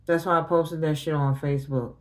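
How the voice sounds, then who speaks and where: A middle-aged woman speaks to her livestream in a slightly low voice, grieving and openly confronting her family. Her talk is casual, raw and emotional, shifting between accusation and sorrow. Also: steady tone, brisk. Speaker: tarot reader livestreaming.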